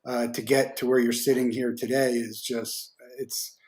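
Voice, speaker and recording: A man hosting a podcast, talking casually in a halting way, often restarting sentences while he searches for words. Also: mid-range voice, level tone, a little mellow. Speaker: podcast host. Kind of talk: casual interview talk.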